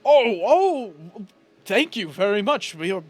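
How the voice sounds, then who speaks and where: A man playing a weary tattoo artist in a tabletop game who talks earnestly and a little hurriedly. His voice stays mid-pitched and ordinary, the same as the game master's own. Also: normal speed, a bit bright, lightly acted. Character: weary male tattoo artist fleeing a guild.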